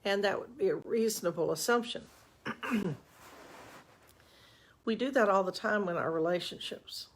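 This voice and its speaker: A woman's voice: mid-range voice, unhurried, pauses often, slight background noise. An older woman, a relationship coach, giving chatty, folksy advice on a live stream with self-mocking asides, into a webcam.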